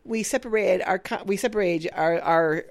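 A woman's voice: lowish voice, moderate pace. A woman who co-owns a business, animatedly telling a story in casual chat and acting out the dialogue. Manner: animated, acts out quoted dialogue. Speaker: business owner.

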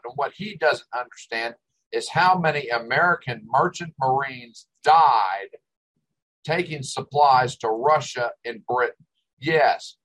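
A man's voice: medium pitch, a bit bright, low-quality recording. An older man hosting a talk show, ranting with exasperation and sarcasm. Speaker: host. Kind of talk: ranting commentary.

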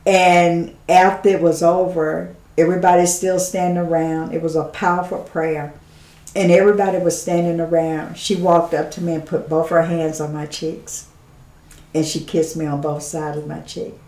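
A woman, a guest on an interview show, giving a heartfelt personal testimony as an animated storyteller who laughs often and drops to a hush when quoting others. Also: on the low side, moderate pace, echoey room.

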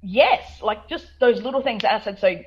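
A woman's voice: on the high side, quick pace, muffled recording, a little hiss or hum. An Australian woman from South Australia, a guest author chatting in a radio interview, full of fillers, restarts and laughter.

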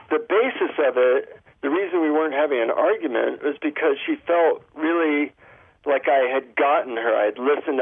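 A man with a gravelly voice explains his points calmly, often stopping to give an example. He is heard over a tinny, dry phone line. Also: mid-range voice, no echo. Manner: calm, explanatory, gives spoken examples. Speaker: guest, relationship author.

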